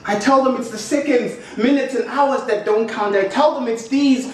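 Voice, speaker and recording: High-voiced South African man reciting poetry. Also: moderate pace. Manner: rhythmic, impassioned recitation with repeated refrains. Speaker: poet. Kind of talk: spoken-word poetry performance. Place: office room. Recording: very echoey room, mic far off, faint noise.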